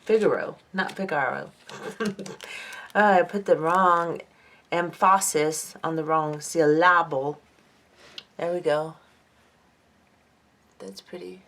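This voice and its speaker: A woman's voice: low voice, steady tone, slow pace, pauses often, fairly bright tone. A woman vlogger chatting casually as she unboxes craft beads, reading each item aloud and admiring them. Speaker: jewelry-making vlogger. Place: home craft table under lamps.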